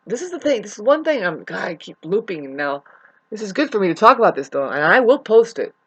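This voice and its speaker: Her voice is medium-pitched, a bit bright, and slightly rough, with big pitch swings and a brisk pace. In this unscripted vlog she vents while upset and close to tears, rambling profanely and often looping back to restart her sentences.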